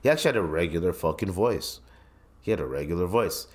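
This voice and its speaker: A man with a deep voice talks fast and animatedly on his solo podcast, delivering a heated, blunt rant. He swears a lot, leans on slang, and keeps restarting sentences as he rambles.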